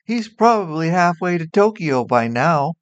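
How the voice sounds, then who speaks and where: A woman's voice: lowish voice, lively intonation, unhurried, pitched above the performer's own voice. A man voicing a flustered woman sidekick who answers in an apologetic, slightly raised voice in a short audio story.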